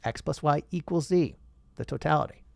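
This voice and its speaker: A man hosting a casual monologue, animated and rhetorical, who addresses viewers directly and swears now and then. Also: fairly high pitch, normal speed, gravelly, no room sound. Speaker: host.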